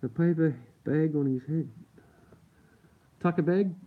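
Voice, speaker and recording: With a fairly high voice and a measured pace, an Australian man hosts a casual live stream from home late at night. He keeps his voice down while laughing often and swearing freely, and the audio has a tinny, phone-like tone.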